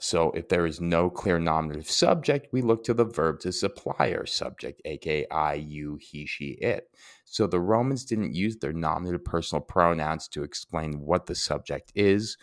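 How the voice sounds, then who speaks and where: A man's voice: low voice, expressive, moderate pace, no room sound, clean studio sound. A man giving a casual Latin grammar lesson, chatty and self-deprecating, often asking rhetorical questions. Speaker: Latin teacher.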